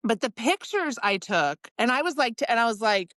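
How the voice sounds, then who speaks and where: A woman's voice: on the high side, moderate pace, dry recording, studio quality. A woman co-hosting a podcast, chatting casually and trading stories with her sister. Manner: relaxed, frequent agreeing interjections. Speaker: podcast co-host. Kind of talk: casual chat.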